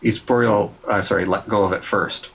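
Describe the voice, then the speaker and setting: A man's voice: lowish voice, fairly even intonation, normal speed, background noise. A man running a tabletop game, explaining what happens with hesitant, filler-heavy speech. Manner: hesitant, many fillers while explaining rules. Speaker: game master.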